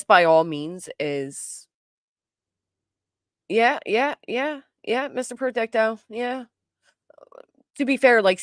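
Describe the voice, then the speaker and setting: A woman's voice: on the low side, dry recording. Outraged woman streamer, dry close mic. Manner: outraged, exclaiming, swings between shouting and muttering. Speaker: commentary streamer. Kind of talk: live-stream commentary.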